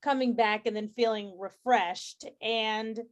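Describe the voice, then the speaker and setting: A young woman chats casually as a podcast guest, her voice sitting fairly high. She tells anecdotes with energy and slips into the voices of the people she quotes. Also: slow pace. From San Antonio, Texas. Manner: animated storyteller, acts out quoted dialogue. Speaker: guest chef. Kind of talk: casual interview chat.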